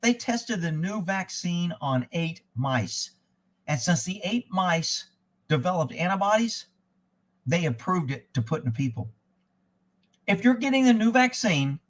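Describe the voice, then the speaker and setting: A man hosts a casual live stream in a high-pitched voice. He rants with sarcasm and his pitch swings widely, dropping to a mutter when he reads, then rising sharply when he argues back. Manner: sarcastic, ranting, mutters while reading aloud. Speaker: livestream host. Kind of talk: casual live-stream commentary, reading chat.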